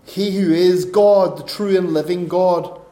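High pitched guy giving a sermon, earnest, echo all around. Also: steady tone, unhurried, mellow. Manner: earnest, repeats and restarts words, acts out quoted voices. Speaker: preacher.

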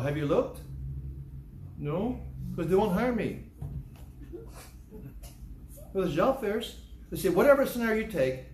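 An older man delivering a sermon as pastor in church acts out the excuses people give, emphatic and repetitive throughout. His high voice is a little mellow, and the roomy recording has a slight hiss or hum.

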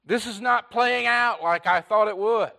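A man preaching a sermon in short, repeated phrases, rising to loud emphasis and dropping to a hush. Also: sits high, a little slow, gravelly. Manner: swings between loud emphatic lines and hushed near-whispers. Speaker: pastor.

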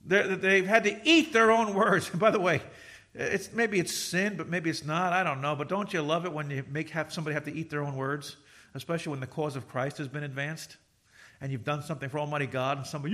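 A man's voice: high voice, fairly quick, sharp tone. An older man preaching a sermon as pastor, his voice rising and falling as he tells stories to his congregation.

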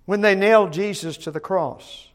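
Emphatic high-voiced preaching pastor. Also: male voice, normal speed. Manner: emphatic preaching, swings between loud declarations and soft asides; repeats words when starting phrases. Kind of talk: Bible study sermon.

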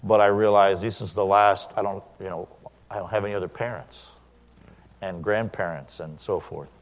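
A middle-aged man, a pastor, preaching a sermon, animated when he acts out quoted dialogue and quiet when he reflects. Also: low-pitched, normal speed, in a large hall.

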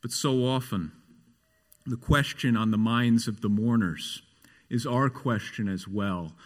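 A man's voice: medium pitch, measured pace. A man preaching a sermon as pastor, earnest and often asking the congregation questions. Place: church. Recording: long hall reverb.

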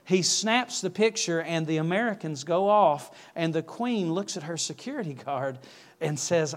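A man's voice: a little high, animated, moderate pace, a little hiss or hum. A male preacher telling an anecdote in a sermon, correcting himself mid-story.

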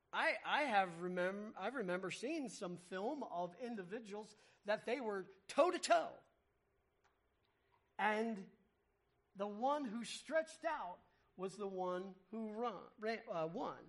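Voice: mid-range voice, a bit bright. A preacher giving an expository sermon, explaining word meanings with emphasis, repeating key words and asking rhetorical questions.

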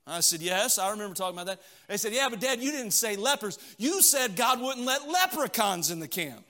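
High, bright-voiced pastor preaching. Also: male voice, big pitch swings, brisk, few pauses. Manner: storytelling, swings from loud and emphatic to low and quiet. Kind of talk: sermon. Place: church sanctuary.

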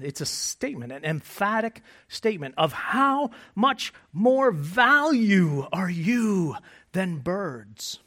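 A male pastor delivering a sermon in an animated, conversational way. His voice sits high and moves through a wide, expressive range. He mixes humor with quiet, hushed moments. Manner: animated preaching with jokes, dropping to soft hushed phrases.

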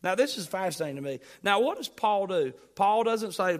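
A man preaching a sermon as pastor, emphatic, swinging between loud bursts and quiet asides, and putting questions to the congregation. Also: sits high, animated, a little fast, few pauses.

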